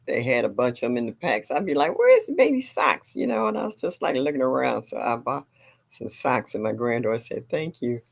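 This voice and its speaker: A woman's voice: very deep voice, animated, a little fast, gravelly. An older woman hosting a gardening livestream, chatting casually and reading viewer comments aloud. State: a little sore.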